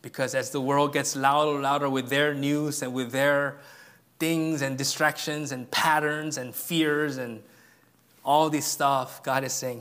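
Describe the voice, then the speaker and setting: A male pastor preaching a sermon in an earnest way, dropping to a hush and then rising to emphatic peaks. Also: medium pitch, level tone, measured pace, clear, resonant tone. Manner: earnest, swings from hushed to emphatic.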